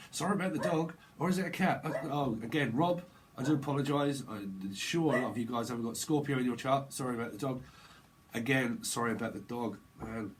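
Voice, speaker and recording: A man rambles through a live tarot reading in a casual, slangy way, repeating himself as ideas tumble out. His pitch sits in an ordinary middle range. A faint ambient hum sits behind his voice. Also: a little fast. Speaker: tarot reader.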